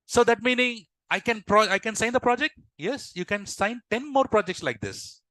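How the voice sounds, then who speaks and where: A man's voice: high-pitched, lively intonation, bright, forceful tone, no echo, pitched above the performer's own voice. A man voicing a frustrated male business owner, complaining. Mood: eager. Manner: complaining, rushed.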